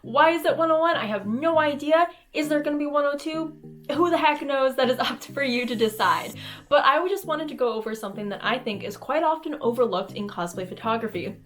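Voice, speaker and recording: A woman's voice: sits high, a little fast, soft background music. A woman hosting a casual cosplay tutorial, talking to the camera in a playful, goofy way and acting out expressions.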